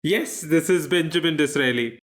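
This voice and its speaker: Dry-witted man hosting a quiz podcast. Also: a little high. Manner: dry, teasing humor with thoughtful pauses. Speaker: quizmaster co-host. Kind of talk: casual podcast chat.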